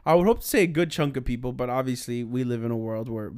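A young man co-hosting a podcast, thinking aloud in casual chat, halting with many restarts. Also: mid-range voice, a little mellow, clear, resonant tone. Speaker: podcast co-host.

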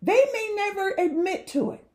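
Earnest high-voiced woman leading a faith talk. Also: lively intonation, darkish tone. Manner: earnest, preacher-like, drawn-out emphasis. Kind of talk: heartfelt faith-based discussion.

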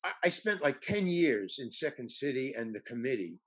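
An older man, an actor, telling anecdotes in a halting way, with many fillers and restarts. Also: mid-range voice, sing-song, fairly bright tone, slightly rough. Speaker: actor guest. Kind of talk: anecdotal storytelling.

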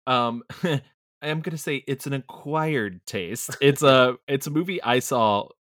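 A man chatting as a podcast guest, animated, laughing often and restarting his sentences. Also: mid-range voice, measured pace, no echo, clean studio sound. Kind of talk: casual chat.

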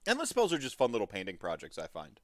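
A man's voice: medium pitch, huge pitch swings, fast talker, no room sound, studio quality. A man hosting a casual hobby podcast, talking in a rambling, friendly way with lots of filler words and frequent laughs. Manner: laughs often, friendly and upbeat. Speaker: podcast host.

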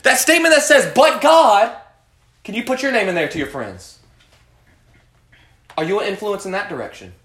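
A man's voice: sits high, lively intonation, normal speed, pauses often, fairly bright tone. A man leading a youth Bible study, preaching and quizzing his students by name. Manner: preachy, asks the group questions, calls on students by name. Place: room with a student group. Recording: echoey room.

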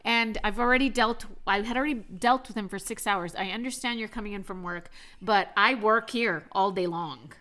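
A woman's voice: mid-range voice, moderate pace, hardly any pauses, pushed and bright. A pregnant young woman telling a personal story in a candid, chatty way, laughing often and swearing now and then. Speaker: vlogger.

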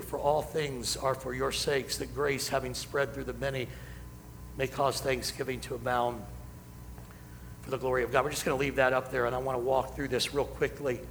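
Pastor guy preaching, sharp bright voice, long echo, a bit of room hiss behind. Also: a little high. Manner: preaching with rising emphasis, slowing for key lines. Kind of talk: sermon. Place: church sanctuary. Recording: hall reverb, faint ambience.

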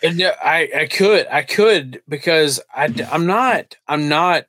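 A man's voice: fairly high pitch, animated, measured pace, bright, forceful tone, no room sound. Rambling, cursing man telling a story. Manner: rambling, profane, many restarts. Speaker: podcast co-host. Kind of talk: casual podcast chat.

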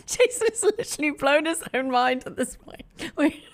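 A woman co-hosting a casual comedy podcast, teasing her co-host with quick wit and frequent laughter. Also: sits high, animated.

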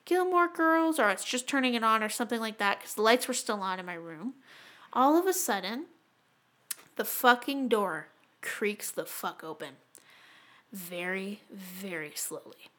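Lively bright-voiced young woman. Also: a little high, normal speed. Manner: animated, swears a lot, acts out screams. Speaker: podcast co-host. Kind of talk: casual chat.

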